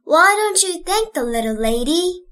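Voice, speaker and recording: A woman's voice: extremely high pitch, very animated, measured pace, a bit bright, voice pushed up, exaggerated voice. A woman reading an audiobook, voicing a good-humored young man who teases jovially. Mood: teasing. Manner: teasing, jovial.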